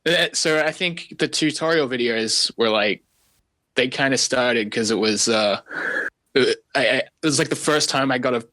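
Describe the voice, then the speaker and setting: A man guest on a podcast, talking easygoing and self-deprecating, often restarting his sentences. His voice is bright and forward, and the recording is dry and close, with no room sound. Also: medium pitch, moderate pace, dry recording. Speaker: guest animator. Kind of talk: casual podcast chat.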